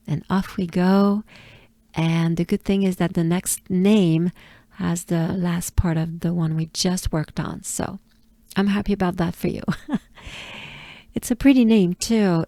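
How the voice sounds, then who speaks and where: A woman from France with a French accent, coaching pronunciation patiently and repeating each sound slowly for the listener to copy. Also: fairly low pitch, warm tone, no room sound, clean studio sound. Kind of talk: slow pronunciation lesson with drills.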